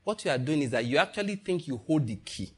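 A man's voice: a little high, big pitch swings, fast, darkish tone, slightly rough. A man preaching a sermon to his congregation, acting out little dialogues and laughing along the way. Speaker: pastor.

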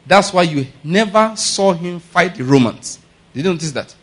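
Male pastor, sermon, husky, slightly high voice, rhetorical questions. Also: expressive, moderate pace, fairly bright tone. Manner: conversational preaching with rhetorical questions and laughter.

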